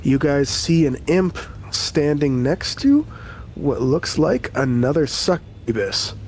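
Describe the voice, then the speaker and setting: Unhurried man narrating a tabletop game. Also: fairly high pitch, lively intonation, a little hiss or hum. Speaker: game master.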